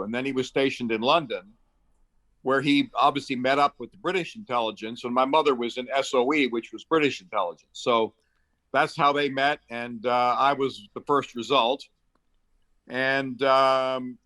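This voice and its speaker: With a mid-range voice that's a bit bright, this man in his seventies, who grew up in the Middle East, tells anecdotes as an interview guest. He chats briskly, uses frequent fillers, and performs the quotes within his stories.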